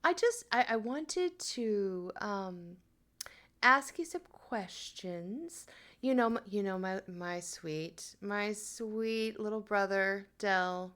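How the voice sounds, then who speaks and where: A woman's voice: medium pitch, lively intonation, slow, fairly bright tone. A syrupy, scheming lady, played by a woman in an improvised tabletop game. She fawns and hesitates, every phrase dripping with false sweetness. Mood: sugary. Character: sugary scheming woman who bribes with brownies.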